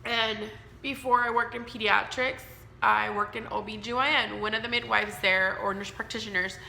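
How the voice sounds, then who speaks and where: A woman's voice: medium pitch, steady tone, normal speed, vocal fry, bright, forceful tone, echoey room, slight background noise. A woman in her thirties telling her own story to camera, candid and emotional, rambling with fillers. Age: 30s. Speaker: vlogger.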